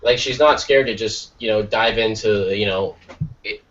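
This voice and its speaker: A man co-hosting an art podcast in casual chat, excitable and quick to exclaim. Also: fairly low pitch, highs cut off. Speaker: podcast co-host.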